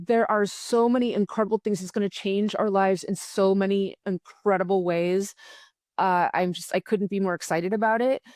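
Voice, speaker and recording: Casting note: eager, chatty woman journalist, mid pitch, dry recording. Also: no room sound. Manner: enthusiastic, talkative, many restarts. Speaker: journalist and writer. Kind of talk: casual conversation.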